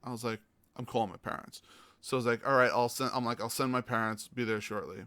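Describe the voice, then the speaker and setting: Animated male podcast host, dry mic. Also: mid-range voice, fast, dry recording. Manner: animated, acts out quoted voices. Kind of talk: casual storytelling chat.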